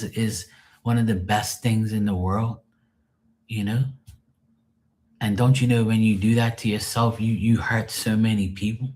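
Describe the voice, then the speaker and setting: A man's voice: fairly low pitch, fairly even intonation, measured pace, pauses often, darkish tone. A man on a live stream venting in a rambling, emotional monologue, swearing often and sounding drained and sad.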